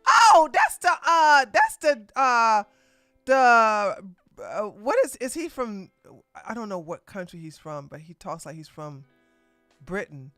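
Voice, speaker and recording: Chatty woman stream commentator, lively pitch. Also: slow, dry recording, clean studio sound, faint music behind. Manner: rambling, self-correcting, chatty. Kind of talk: casual reaction commentary.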